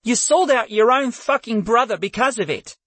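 A man's voice: very high voice, animated, normal speed, a bit bright, breathy edge, pitched above the performer's own voice, exaggerated voice. A man reading an audiobook voices a small, fierce young woman who talks sharply and venomously, her voice cracking with emotion. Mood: furious. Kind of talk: audiobook character voice.

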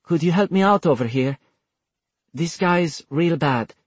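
A nervous, stammering young healer, voiced by a male narrator. He speaks noticeably higher than the narration, with a husky, breathy edge. The sound is dry and close. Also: measured pace, no room sound. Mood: pleading. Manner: hesitant, stammering.

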